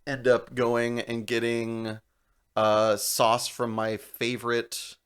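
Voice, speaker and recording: A young man co-hosting a podcast, telling a long story in casual chat, animated and laughing as he goes. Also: medium pitch, takes it slowly, smooth. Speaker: podcast co-host.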